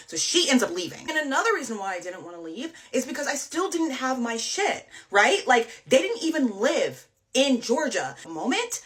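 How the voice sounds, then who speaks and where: A woman retelling a frightening night out in casual, emotional storytelling, full of fillers and quick asides. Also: medium pitch, sing-song, fairly bright tone. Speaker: storyteller guest.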